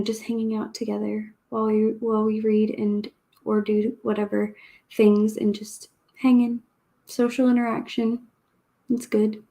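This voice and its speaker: Slow-talking, chatty woman book host. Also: fairly high pitch, a little mellow. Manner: chatty and rambling, laughs often. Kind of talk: casual livestream chat.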